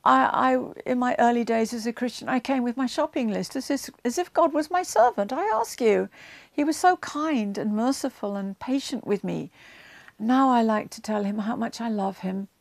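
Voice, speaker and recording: A woman's voice: on the high side, moderate pace, creaky, dry recording. A woman giving a conversational Bible teaching to camera, with chatty asides and frequent ums, growing emphatic as she retells scenes.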